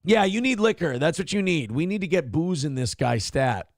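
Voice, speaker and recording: Sarcastic high-voiced man mocking a clip. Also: animated, normal speed, dry recording, clean studio sound. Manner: sarcastic, crude, mocking impressions. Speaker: morning show host. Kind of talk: mocking commentary on a viral clip.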